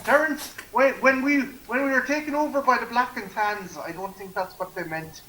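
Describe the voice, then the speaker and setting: A man's voice: very high-pitched, moderate pace, bright, forceful tone. An Irish man chatting casually on a video call during a film watch party, riffing sarcastic jokes and swearing freely. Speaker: guest. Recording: echoey room with faint noise.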